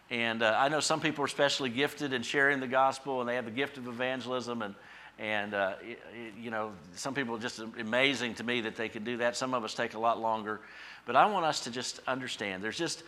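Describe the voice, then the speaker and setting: A male pastor preaching a sermon, building to emphatic, impassioned peaks and then dropping soft and low. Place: church.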